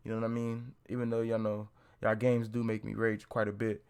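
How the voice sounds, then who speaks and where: A man's voice: on the low side, completely flat delivery, fairly quick, vocal fry, darkish tone, smooth. A young man giving a casual, profane movie review, rambling with lots of slang, fillers and restarts.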